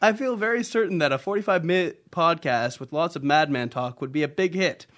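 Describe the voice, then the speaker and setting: A man's voice: a little high, brisk, a bit bright. A man co-hosting a casual podcast, reading listener letters aloud and playing with put-on voices.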